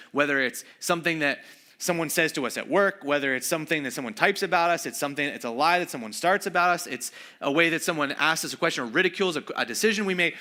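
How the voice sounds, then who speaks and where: A man's voice: mid-range voice, bright, forceful tone. A man preaching a sermon as pastor, telling a scripture story in a casual, conversational way and acting out the lines of the people in it.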